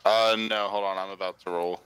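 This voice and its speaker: A man's voice: deep voice, steady tone, fairly quick, fairly bright tone, clear, resonant tone, no room sound, low-quality recording. A man playing in a tabletop game, chatting casually and joking. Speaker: player.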